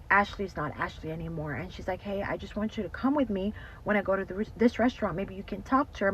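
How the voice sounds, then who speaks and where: A woman telling a story in a casual, animated way, full of "like" and "you know". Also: medium pitch, a little hiss or hum, low-quality recording. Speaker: storytime host.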